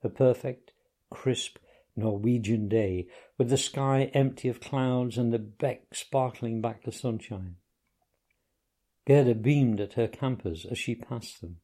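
A man calmly narrating a story in a measured, unhurried way. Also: mid-range voice. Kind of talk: audiobook narration.

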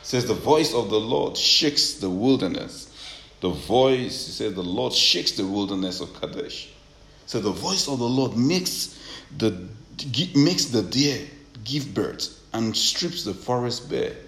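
A man preaching a sermon, reading scripture quietly at first and rising to loud, emphatic preaching with repeated amens. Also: fairly low pitch, big pitch swings, a little slow. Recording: echoey room with faint ambient noise.

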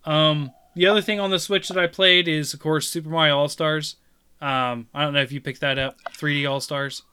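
A man chatting casually about a video game he played, rambling and laughing loudly. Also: a little high, steady tone, moderate pace, clear, resonant tone. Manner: mimics game voices in retelling. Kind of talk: casual chat.

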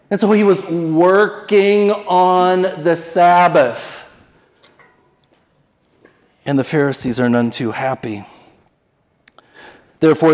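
A man preaching a conversational, animated sermon and acting out the quoted voices. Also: fairly high pitch, poor audio. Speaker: pastor.

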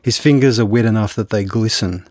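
In an interview that includes a reading from his book, a novelist talks about his novel in a somewhat low, darkish voice. His delivery is slow and halting, full of fillers and restarts, and the audio is close and dry with no room around it.

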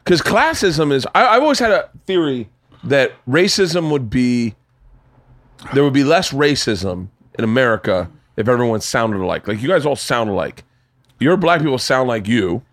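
A man's voice: medium pitch, big pitch swings, normal speed, a bit bright, dry recording, studio quality. A man hosting a casual podcast chat, rambling, joking and trailing off mid-thought. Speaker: podcast host.

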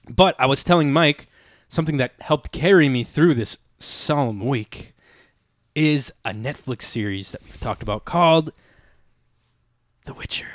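A young man co-hosting a casual podcast from a home basement, loose and profane, quick to laugh, rambling through his week. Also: on the high side, dry recording, clean studio sound. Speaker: podcast co-host.

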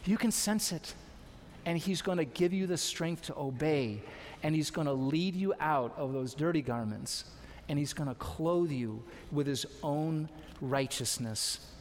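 High-voiced preacher in a reverberant church. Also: male voice, measured pace, slight background noise. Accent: American. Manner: exhorting, repetitive calls to trust and obey. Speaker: pastor. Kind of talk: sermon. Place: church sanctuary.

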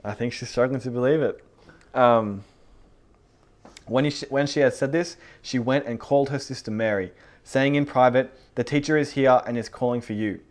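A man leading a casual Bible study, reading verses aloud and commenting with animated enthusiasm and frequent laughter. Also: mid-range voice, normal speed. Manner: animated, laughs often, reads scripture then comments.

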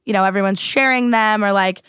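A woman hosting a casual radio talk show from a studio, upbeat and quick to laugh. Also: medium pitch, fairly bright tone, clear, resonant tone, dry recording. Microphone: studio microphone.

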